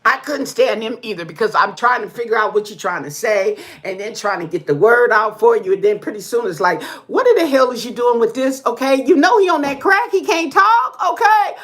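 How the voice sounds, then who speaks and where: A woman vlogger telling stories in casual chat to her viewers, animated, whooping and laughing often, checking in with "okay?" as she talks. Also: a little high, fairly quick, few pauses. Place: indoor room with pink walls.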